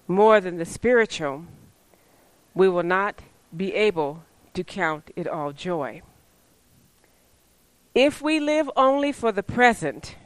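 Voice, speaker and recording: Lively woman preaching in a dry room. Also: no room sound, low-quality recording. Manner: animated, slips into playful high voices for quoted people; laughs often. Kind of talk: sermon.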